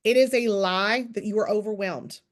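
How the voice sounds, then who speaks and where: A woman in her thirties coaching her accountability group on a call, talking fast and emphatically in a preachy, teasing pep talk. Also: mid-range voice.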